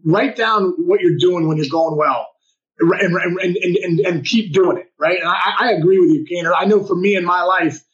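A man's voice: high-pitched, normal speed, muffled recording. A man co-hosting a podcast as a former ballplayer, agreeing enthusiastically and repeating his points. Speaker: former baseball player and co-host. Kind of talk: casual podcast chat.

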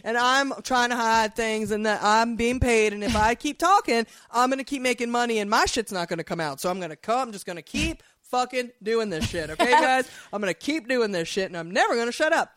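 A woman's voice: fairly high pitch, animated, fairly quick, few pauses, fairly bright tone, dry recording, studio quality. A woman mocking a smug, grandstanding male politician who rants crudely and pompously. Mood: smug blustering. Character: smug grandstanding male congressman, self-serving.

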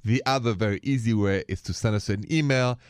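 A man's voice: on the low side, brisk, clear, resonant tone, no room sound, clean studio sound. A man with a French accent co-hosting a radio talk show, chatty and easygoing as he reads out listener emails. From France. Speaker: radio co-host.

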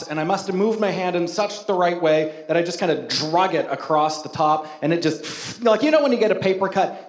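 A man's voice: high voice, reverberant. A man preaching a sermon as the pastor, telling a self-mocking story in a casual, humorous, conversational way.

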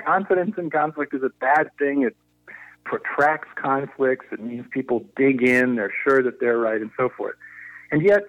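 A man speaks at an ordinary mid pitch, reflective and explanatory, circling back to restart his thoughts as he works through an idea. The sound is thin and phone-like, close and dry with no room around it. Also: dry recording. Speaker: guest, negotiation consultant. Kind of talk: conversational podcast interview. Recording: tinny phone-line audio.

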